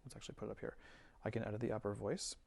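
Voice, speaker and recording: A man giving a relaxed screen-recorded music software tutorial, thinking aloud with fillers as he works. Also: fairly low pitch, rapid-fire, vocal fry. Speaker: music teacher.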